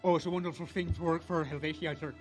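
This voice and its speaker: A man's voice: a little high, fairly even intonation, fast, a little mellow, faint music behind, natural voice. A man voicing a bumbling pirate posing as a guard, in a put-on Irish accent. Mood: eager.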